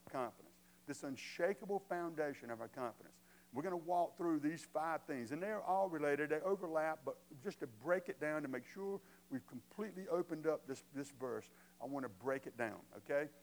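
Male pastor, sermon, fairly high voice, emphatic, conversational, rhetorical questions. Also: lively intonation, moderate pace, slight background noise, low-quality recording.

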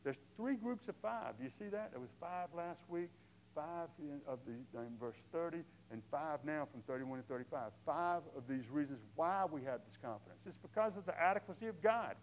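An older male pastor preaching a sermon in a conversational way, moving from quiet asides to emphatic questions. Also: high-pitched, a little hiss or hum, low-quality recording.

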